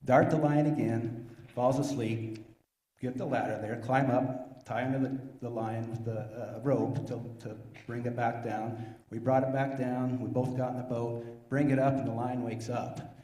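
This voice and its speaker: A man's voice: medium pitch, steady tone, normal speed, dark tone. A man tells a story in a loose, self-mocking way, chuckling at his own mishaps. His voice sits in the middle range. It rings out through a big echoey hall with a long reverb tail. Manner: laughing, self-deprecating storyteller. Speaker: panelist. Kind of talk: storytelling at a panel.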